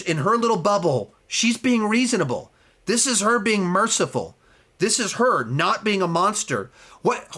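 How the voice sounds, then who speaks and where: A man giving a casual spoken film review, animated and emphatic, with many fillers and restarts. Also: a little high.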